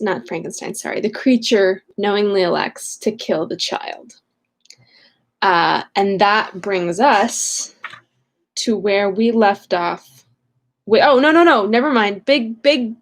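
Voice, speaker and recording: A young woman at home, casually recapping a novel chapter and reading it aloud, chatty and scatterbrained with lots of fillers. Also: mid-range voice. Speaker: reader of a novel. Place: home room.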